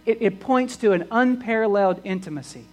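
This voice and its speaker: A man's voice: sits high, animated, a little fast, rough recording. A man preaching a sermon, repeating words as he restarts phrases and rising into emphatic bursts.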